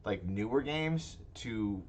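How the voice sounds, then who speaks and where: A man's voice: fairly low pitch, lively intonation, takes it slowly, a little mellow. A man co-hosting a casual tabletop gaming podcast, talking in rambling, self-interrupting chat. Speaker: podcast co-host.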